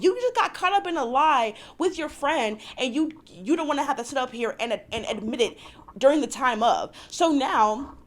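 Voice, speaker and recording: A woman's voice: high-pitched, expressive. A woman hosting a reality TV recap vlog, ranting in a profane, exasperated way and acting out the cast's lines. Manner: acts out cast members' lines in quick voices. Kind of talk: casual recap and commentary.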